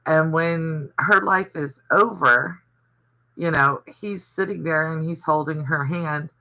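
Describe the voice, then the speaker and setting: Slow and gravelly, this older Southern man has a voice on the high side, bright and forceful, captured in a rough recording. As a livestream host, he chats casually, wanders through stories, and reads viewers' comments aloud.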